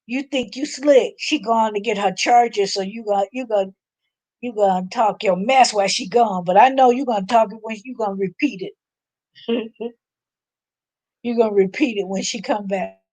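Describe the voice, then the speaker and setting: A woman hosts a relaxed live chat, talking loosely and laughing easily between thoughts. She sounds a little drained, and her voice is mid-pitched and dry, with no room sound around it. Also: dry recording. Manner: chatty, laughs often, loose and unhurried. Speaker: livestream host. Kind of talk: casual live chat with viewers.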